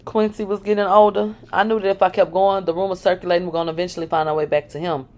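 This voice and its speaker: A woman reads a first-person memoir aloud in a fairly low voice. She is frank, and she breaks in with dry, sarcastic asides. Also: level tone, fast talker, darkish tone. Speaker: reader of a memoir.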